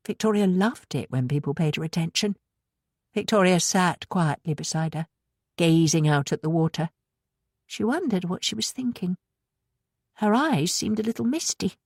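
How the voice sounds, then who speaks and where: A woman narrates a thriller audiobook in an even, measured tone. Her voice sits low, and the close studio mic gives a dry sound. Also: breathy edge, no room sound. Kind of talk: scripted narration.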